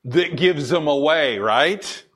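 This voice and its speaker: A man's voice: fairly high pitch, expressive, slow pace, background noise. A man from the Pacific Northwest preaching a sermon in a conversational way, reading scripture aloud and asking and answering his own questions. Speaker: pastor. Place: church with congregation laughing.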